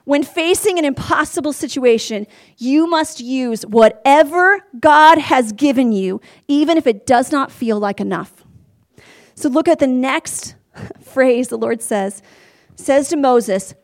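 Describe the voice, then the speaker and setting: High-voiced woman preaching with fervor. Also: unhurried. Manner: animated, earnest, talks straight to the listeners. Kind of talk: sermon.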